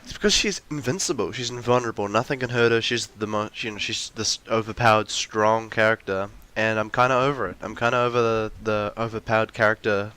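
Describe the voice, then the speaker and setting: A man's voice: on the low side, a little fast, few pauses, bright, forceful tone, clean tone. A young man in a ranty, rambling monologue, full of restarts and fillers, with mocking acted-out quotes of characters. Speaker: video essayist.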